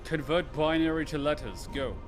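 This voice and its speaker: A man giving casual reaction commentary on a game, excitable, joking and profane. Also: on the high side, moderate pace, music in the background.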